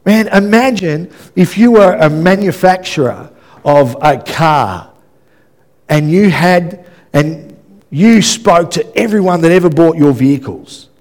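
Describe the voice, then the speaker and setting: A male pastor, preaching a sermon and telling an animated story, acting out the dialogue and often checking in with "yeah?". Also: a little high, unhurried. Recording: reverberant hall.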